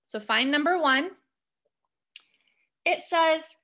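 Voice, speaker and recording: A woman teacher walking young students through a punctuation lesson, reading sentences aloud slowly and asking prompting questions. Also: fairly high pitch, expressive, sharp tone.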